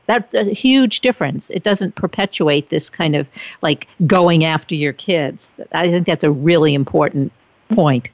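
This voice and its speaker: A woman's voice: low-pitched, normal speed, vocal fry, dry recording. A woman host with grown children chats in an affirming, reflective way and repeats her guest's points. The recording is dry and a bit muffled. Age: middle-aged or older, grown children. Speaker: interview host. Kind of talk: casual interview talk. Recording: dry, dull lo-fi sound.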